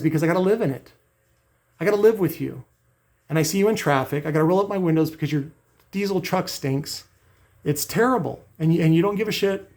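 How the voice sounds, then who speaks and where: A middle-aged man vents in a blunt, profane vlog rant. His voice sits a bit high for a man and has a gravelly, rough edge. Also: darkish tone. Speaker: channel host.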